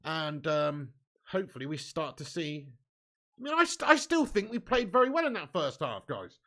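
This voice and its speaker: High-voiced sweary football fan. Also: male voice, big pitch swings, moderate pace, fairly bright tone. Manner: sweary, blunt football banter; chatty, often adds "mate" and "bud". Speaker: fan channel host reading live chat. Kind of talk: live match watch-along commentary.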